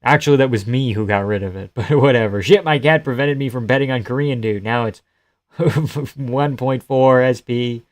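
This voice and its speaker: A young man hosts a live reaction stream from home, cursing casually and laughing through his remarks. He reads out chat messages and riffs on the fights. His voice sits at an ordinary male pitch. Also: normal speed. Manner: crude, joking, laughs often, reads chat aloud. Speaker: livestream host.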